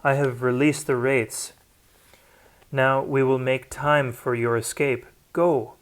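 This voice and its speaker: A man's voice: medium pitch, fairly even intonation, takes it slowly, close to an everyday voice. A man voicing a hulking male fighter with an iron, furious, commanding voice in a read-aloud story. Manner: commanding, fierce.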